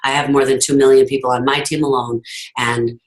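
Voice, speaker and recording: A woman's voice: rumbling low, little pitch movement, fairly quick, low-quality recording. A woman giving an earnest, emphatic motivational talk over a video call, telling her story to her team. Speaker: team leader hosting a call.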